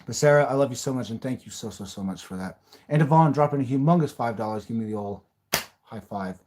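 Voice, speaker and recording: This livestream host speaks quickly at a medium pitch, his tone on the dark side. Reacting live, the man is blunt, curses without restraint, and rants and raves now and then.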